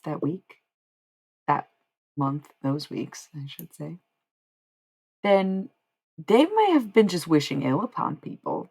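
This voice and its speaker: A woman's voice: sits low, gravelly, slightly rough. A woman hosting a casual livestream who rambles, swears freely and trails off into filler sounds like "blah, blah.". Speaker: livestream host.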